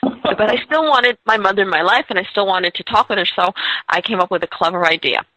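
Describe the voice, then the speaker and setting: A woman's voice: mid-range voice, fairly quick, sharp tone, no echo, low-quality recording. A woman hosting a podcast conversation, telling stories in an upbeat way with frequent affirmations. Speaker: host.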